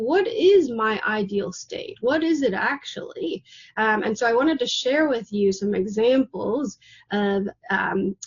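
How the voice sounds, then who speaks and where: A woman with a slightly high, breathy voice teaches a class in a chatty, looping way. She keeps checking in with the listener as she goes. The recording sounds a bit dull and lo-fi. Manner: chatty, repetitive, rhetorical "right?" asides. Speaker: manifesting coach.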